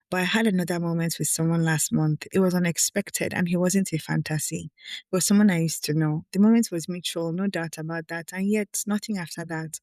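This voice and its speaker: A woman's voice: fairly low pitch, darkish tone, dry recording. A woman reads her own essay in a close, dry recording with little room sound. She is candid and emotional, and she often breaks off to speak straight to her listeners. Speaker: podcast host. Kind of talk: reading her own article with personal asides.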